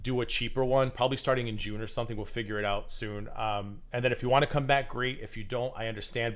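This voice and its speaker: A man hosting a live stream, chatting in a gossipy, animated way, swearing and breaking into shrieks as he retells drama. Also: mid-range voice. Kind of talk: casual live-stream commentary.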